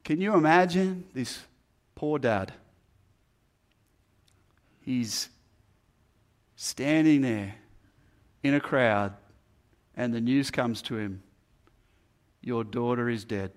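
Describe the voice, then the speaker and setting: A man's voice: mid-range voice, extremely slow, long pauses. A man preaching a sermon, earnest and building emphasis through repeated phrases. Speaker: pastor.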